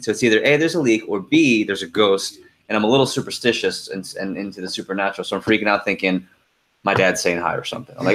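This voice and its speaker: A middle-aged man leading a team conference call, telling a lively story with laughs and then going through the agenda. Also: on the low side, fast.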